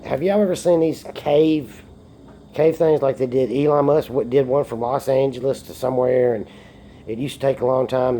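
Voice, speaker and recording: A vlogger, a bit tipsy from beer, rambles and jokes through a casual phone-recorded monologue, swearing often. His mid-range voice has a dark tone, and there's a little hiss or hum on the recording.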